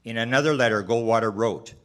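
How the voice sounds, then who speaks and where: At a public hearing, a man reads a prepared statement in a measured, formal manner, occasionally stumbling over a word and starting it again. His voice is mid-range and slightly bright.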